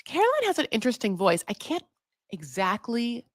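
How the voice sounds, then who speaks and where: A woman's voice: a little high, wildly swooping pitch, brisk, dry recording, studio quality. A woman giving a casual, rambling recap of a reality show, full of "like" and "you know". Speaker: recap vlogger.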